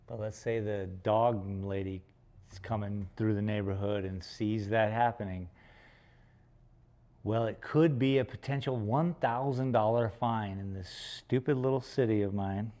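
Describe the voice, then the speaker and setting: A man's voice: on the low side, dark tone. A man chatting casually on a livestream while he paints, rambling and joking with some swearing. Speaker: painter streaming live.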